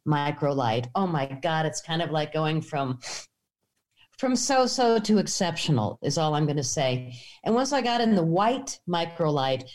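A woman's voice: lowish voice, darkish tone. A woman, a filmmaker, telling a story in a casual interview, animatedly acting out voices in her anecdotes. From United States. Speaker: filmmaker guest.

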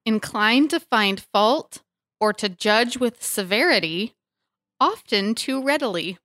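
A woman's voice: fairly high pitch, lively intonation, slow, a bit bright, no echo. A woman hosting a faith podcast, talking candidly and laughing with friends while reading definitions aloud. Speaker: podcast host. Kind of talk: casual chat.

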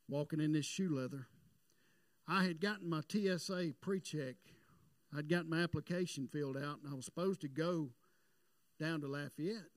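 Folksy preacher man, high voice. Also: no echo. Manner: folksy, rises into fervent preaching. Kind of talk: sermon storytelling.

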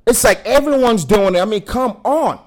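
A man's voice: high-pitched, normal speed. A man hosting a casual commentary show, ranting with indignation, swearing often and restarting his sentences. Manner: animated, indignant, profane rant with many restarts. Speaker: commentary host.

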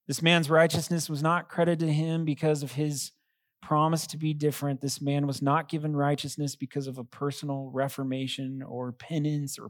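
A man, a pastor, preaching a sermon in an earnest, emphatic way, slowing down to stress key phrases. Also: mid-range voice, no echo.

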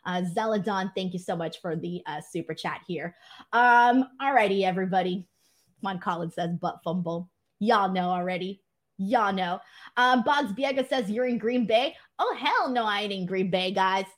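A Los Angeles-based woman who hosts a wrestling show live streams from home, reading viewer super chats in a mid-range voice at a moderate pace. She chats casually and animatedly, laughing often.

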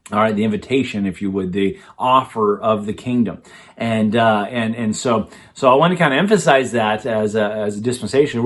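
Guy pastor giving a sermon, talky, lots of restarts, mid pitch. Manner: conversational preaching with frequent restarts and fillers.

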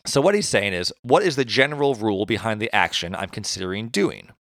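A man co-hosts a podcast, walking through a philosophy topic in a relaxed, self-deprecating way. His voice is gravelly and jumps around a lot in pitch. The sound is close and dry. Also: brisk, no room sound. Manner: animated, self-deprecating, stumbles over hard words. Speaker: podcast co-host. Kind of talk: casual explanatory chat.

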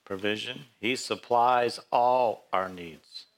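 A man's voice: medium pitch, slow pace. A man pastor leading a casual, interactive Bible study, asking his congregation questions. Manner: conversational, asks the congregation questions.

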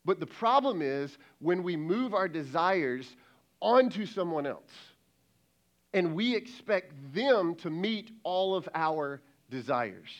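Emphatic male pastor, slightly high voice. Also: sing-song, slow. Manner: conversational, emphatic, acts out quoted dialogue. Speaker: lead pastor. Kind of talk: sermon.

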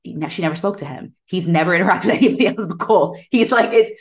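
A woman with a low-pitched voice co-hosts a casual podcast chat. She retells film scenes in an animated way, slipping into quoted voices and laughing often. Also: racing. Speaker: podcast co-host.

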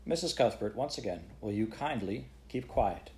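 A man voicing a patient older male court chairman who speaks gently but firmly, in measured phrases. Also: on the low side, lively intonation.

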